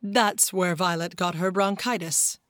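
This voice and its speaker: Good-humored doctor, playful and teasing read by a woman narrator. Low-key storybook voice. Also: a little slow, a bit bright, dry recording. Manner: playful, pleased with himself.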